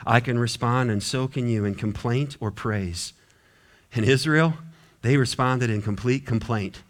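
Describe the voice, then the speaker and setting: A man's voice: medium pitch, a little slow. A male pastor preaching a sermon in an earnest, exhorting way, with lots of repeated phrases.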